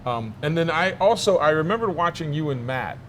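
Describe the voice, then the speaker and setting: A man's voice: a little high, expressive, fairly quick, a bit bright, a little hiss or hum. Chatty middle-aged man tasting food. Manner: chatty, stammering restarts, jokey. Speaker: news show host. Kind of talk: casual food-tasting chat. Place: restaurant.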